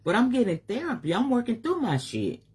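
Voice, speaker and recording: Middle-aged woman, spiritual advisor, open-hearted live-stream monologue with a breathy, husky edge. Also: a little high, big pitch swings, brisk, a little mellow. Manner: candid and emotional, swears casually.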